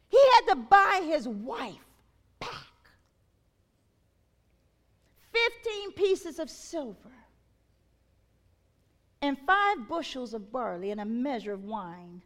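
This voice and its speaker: A woman's voice: very high voice, big pitch swings, slow, long pauses, fairly bright tone. A woman preacher delivering an impassioned sermon, her voice swelling and dropping as she calls out questions to the congregation.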